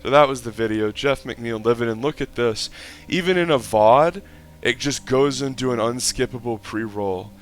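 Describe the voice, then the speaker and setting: A man doing mock play-by-play commentary over a game clip and ranting in a profane, exasperated way, sometimes breaking into shouts of excitement. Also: mid-range voice, normal speed. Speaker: online video commentator.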